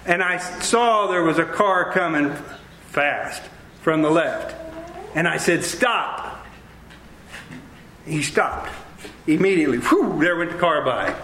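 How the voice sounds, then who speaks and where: A man preaching a sermon, telling lively stories with acted-out dialogue. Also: on the high side, measured pace, slight background noise. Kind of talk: sermon with storytelling. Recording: roomy echo.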